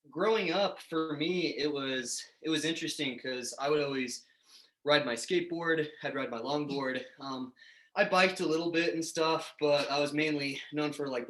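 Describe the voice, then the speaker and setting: A young man talks in a relaxed, chatty way, a little out of breath and often pausing on fillers. His voice sits slightly high for a man, and the room around him echoes. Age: young adult. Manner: laid-back, chatty, hesitant fillers. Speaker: guest.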